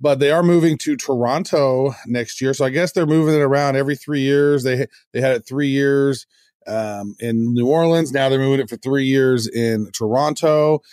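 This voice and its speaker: In a casual podcast chat, a male co-host rambles with enthusiasm, often restarting his sentences. He speaks at normal speed with a medium-pitched, slightly mellow voice. The clean studio recording has no echo.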